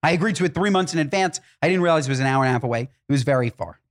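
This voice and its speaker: Lively co-host with a swooping voice. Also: racing. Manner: lively storyteller, swings up in pitch when worked up. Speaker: podcast co-host. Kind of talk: casual chat.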